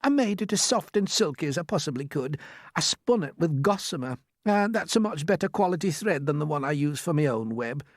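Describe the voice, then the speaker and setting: A sweet, fussy lady spider, voiced by a man, eager to please and fluttery in her hospitality. The voice is lifted higher than the reader's own, soft and dainty, recorded close and dry. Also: lively intonation, fairly quick, no room sound.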